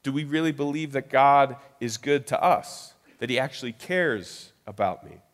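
A man's voice: medium pitch, moderate pace. Conversational male preacher in a reverberant hall. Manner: conversational, frequent "right?" tag questions. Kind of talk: sermon.

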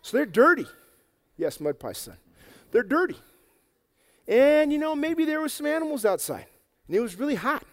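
A man telling a Bible story to children in a lively, playful way, acting it out and getting out of breath. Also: extremely high pitch, normal speed, long pauses, big-room sound. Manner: energetic, playful, acts out the story. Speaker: children's preacher. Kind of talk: animated Bible story for kids. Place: church hall with an audience.

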